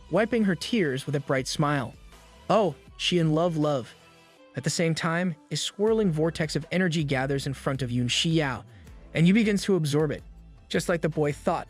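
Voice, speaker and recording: A man narrating a manga recap in a brisk scripted delivery, dropping slangy jokes between plot beats. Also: a little high, husky. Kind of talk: scripted narration with quick asides. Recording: voice-over over soft background music.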